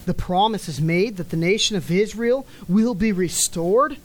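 A woman with a mid-range voice preaches emphatically, heard through poor audio. She drags out key words and lets her sentences fall at the end.

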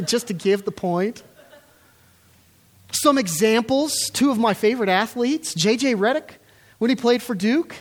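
A pastor preaches an earnest, emphatic sermon to his congregation in church, asking them questions along the way. His voice sits high.

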